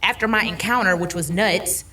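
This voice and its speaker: A woman's voice: mid-range voice, normal speed, pushed and bright, recorded from a distance, slight background noise. A woman giving a candid faith testimony as an interview guest, earnest and repeating soothing reassurances.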